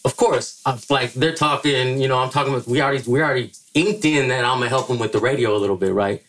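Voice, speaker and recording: A middle-aged man from the Bay Area telling stories as a podcast guest, profane and animated, acting out quotes in a higher voice. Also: fast talker. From Bay Area, California. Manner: animated, profane, acts out quotes with jumps in pitch. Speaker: podcast guest, music manager. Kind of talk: casual storytelling interview.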